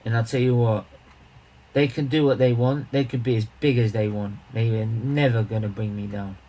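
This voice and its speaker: A man hosting a charity live stream, talking straight to viewers in a loose, rambling way. His pitch sits in the middle for a man. He greets people by name, banters, and restarts his sentences as he goes, close to a desk mic. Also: steady tone, normal speed, mellow, poor audio. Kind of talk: casual live-stream chat.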